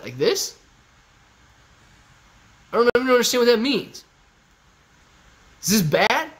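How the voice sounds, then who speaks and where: A man with a somewhat high, slightly bright voice hosts a casual live stream. He reads out viewer comments in chat and banters playfully with them.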